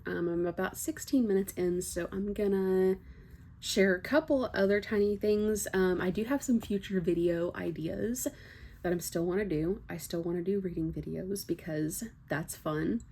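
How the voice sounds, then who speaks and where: A young woman from Texas, speaking General American with a faint Southern trace, chatting unscripted to camera about her life and books. She rambles with frequent fillers and soft laughs. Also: medium pitch, moderate pace, creaky, husky. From Texas, USA. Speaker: book vlogger. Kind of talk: unscripted casual chat to camera.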